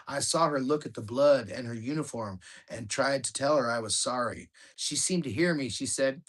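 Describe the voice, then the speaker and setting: Calm, measured man narrating a memoir. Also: mid-range voice. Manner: calm, measured, matter-of-fact reading. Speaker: author reading his own book.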